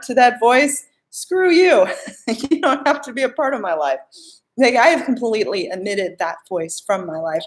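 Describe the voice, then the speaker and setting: Chatty woman coach answering live questions. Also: mid-range voice. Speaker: life coach. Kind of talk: live-stream Q&A.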